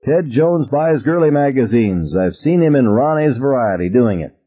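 A man putting on a gossipy teen girl, eager, bright, phone-like audio. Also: mid-range voice, lively intonation, normal speed, voice pushed up, close to an everyday voice. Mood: gleeful. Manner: merry and eager. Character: gleeful, gossipy teenage girl.

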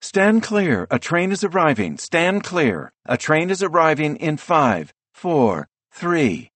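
A man's voice: on the high side, sing-song, slow, a bit bright, no echo, pitched above the performer's own voice, full character voice. Urgent computerized train announcer, voiced by a man. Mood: urgent, automated. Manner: clipped automated announcements, counting down.

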